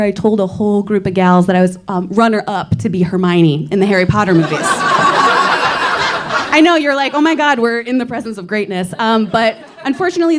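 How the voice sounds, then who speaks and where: With a mid-range, darkish voice, a young woman works through a stand-up routine at a comedy club. She's playful and self-deprecating, breaking into laughter again and again.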